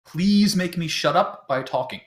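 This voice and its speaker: A man's voice: fairly high pitch, a little slow. A man running a tabletop game who talks a lot and mocks himself, explaining the rules casually with lots of ums. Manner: talkative and self-deprecating, with many fillers. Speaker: game master.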